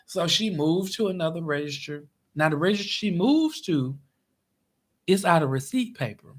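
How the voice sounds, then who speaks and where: A man telling a casual, exasperated story to his viewers, with big swings in his voice. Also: moderate pace. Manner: animated, exasperated retelling with big pitch swings. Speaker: vlogger.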